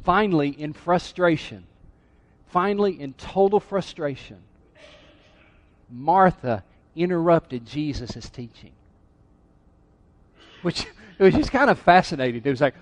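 A middle-aged pastor preaches in a church with a lively, conversational manner. He teases his listeners in a voice a bit higher than most men's. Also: unhurried, long pauses. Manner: conversational, teasing the congregation. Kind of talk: sermon. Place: church sanctuary.

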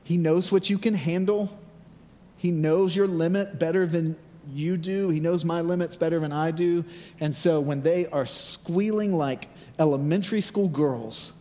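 Casual, animated man preaching in a reverberant hall. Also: fairly high pitch, a little slow. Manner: informal, animated, lots of "like". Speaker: pastor. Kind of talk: casual conversational sermon.

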